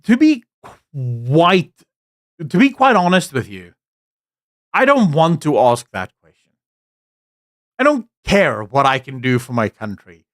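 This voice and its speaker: A man's voice: on the high side, big pitch swings, slow, long pauses, a bit bright, no echo, studio quality. A man around forty, from South Africa, with a mixed English accent that carries South African traces. He hosts a live stream of political commentary, talks bluntly and candidly, rambles with fillers, and greets viewers from the chat.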